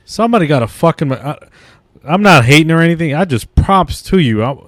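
A man's voice: on the high side, lively intonation, fairly quick, no echo, studio quality. A young man from Mexico hosting a podcast, chatting casually, swearing a lot and laughing often. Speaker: podcast host. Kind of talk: casual chat.

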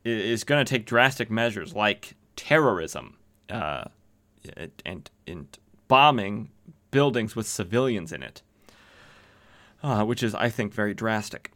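A man recaps a vintage comic in a loose, rambling way. His voice is bright and forward. He keeps breaking off for joking asides and fillers. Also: on the low side, animated, a little slow. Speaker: podcast host retelling comics.

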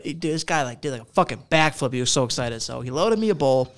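A man in his twenties tells a story in casual chat. His voice has a gravelly, creaky edge. He talks with heavy slang and swearing and keeps the story animated. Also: mid-range voice, fast. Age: 20s.

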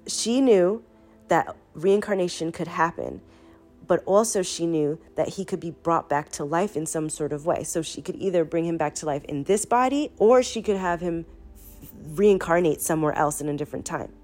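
A woman's voice: fairly low pitch, normal speed, a little mellow, soft background music. A sick young woman casually retelling a spiritual story, rambling and profane, talking straight to her listeners. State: sick, foggy-headed.

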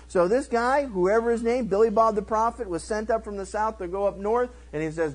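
Male pastor, middle-aged, high voice, lively teaching that acts out each character. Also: fairly quick, hardly any pauses, rough recording. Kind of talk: verse-by-verse Bible teaching.

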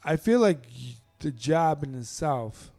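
A man's voice: on the high side, very animated, measured pace, vocal fry, a little mellow, soft background music. A man hosting a podcast in casual chat, joking and teasing his guest. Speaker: podcast host.

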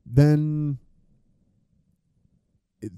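A man's voice: on the high side, fairly even intonation, very slow, dark tone, smooth, no echo. A man hosting a casual podcast chat, rambling, swearing freely and losing his train of thought. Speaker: podcast host.

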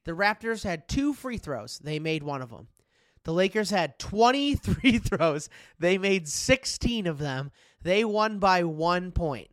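A man's voice: high voice, animated, takes it slowly, dry recording, studio quality. A young man co-hosting a podcast, talking sports casually, laughing often and swearing freely. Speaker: podcast co-host.

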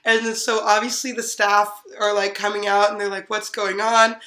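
A woman's voice: mid-range voice, little pitch movement, moderate pace, bright, forceful tone. Giggly woman telling a story, echoey room. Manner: giggly, acts out quotes with many "like"s. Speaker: podcast host. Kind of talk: casual storytelling chat.

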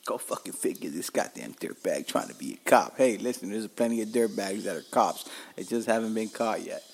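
A man's voice: fairly low pitch, moderate pace, slight background noise. Profane, rambling Miami man. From Miami, Florida. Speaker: podcast host. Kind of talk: casual storytelling monologue.

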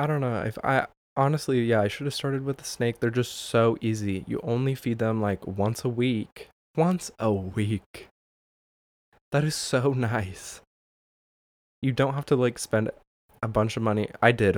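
A man's voice: medium pitch, moderate pace. A man hosting a casual solo podcast, rambling, swearing and laughing often, with many fillers. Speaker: podcast host.

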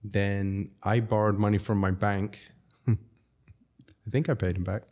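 A man's voice: lowish voice, fairly even intonation, a little slow, a little mellow. A man from South Africa, a restaurateur guest, telling long rambling stories with frequent chuckles. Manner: rambling, chuckles often, self-interrupting. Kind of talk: casual storytelling.

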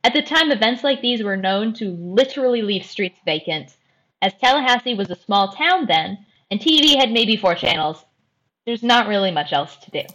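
A woman hosting a podcast and telling a true crime story in a careful, measured way. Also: mid-range voice, expressive, sharp tone, rough recording. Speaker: host.

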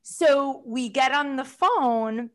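A woman's voice: high-pitched, takes it slowly, a bit bright. A woman with a thick New York accent, telling stories bluntly and wryly in a casual chat. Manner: storytelling, blunt, wry. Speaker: guest.

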